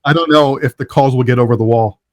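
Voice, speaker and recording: A man's voice: mid-range voice, steady tone, fast talker. A middle-aged man hosting a live internet talk show in a casual, upbeat, chatty way. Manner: upbeat, chatty, laughs often. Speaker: show host.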